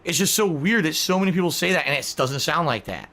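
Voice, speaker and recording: A man's voice: fairly high pitch, expressive, quick pace, sharp tone. A male streamer ranting in indignant, profane commentary to his chat.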